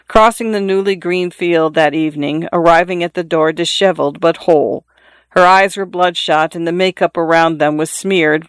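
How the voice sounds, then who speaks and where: A man narrates a literary novel with a measured, unhurried storytelling delivery. His voice sits somewhat high for a man and sounds smooth and resonant. The recording is dry and close, with no room sound. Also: fairly bright tone, no room sound. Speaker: audiobook narrator.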